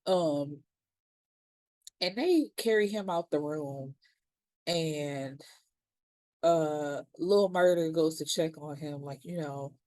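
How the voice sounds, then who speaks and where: Chatty slangy woman with a low, mellow voice. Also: slow, long pauses, dry recording. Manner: chatty and slangy, acts out characters' lines. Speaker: TV series reviewer. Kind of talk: casual episode recap.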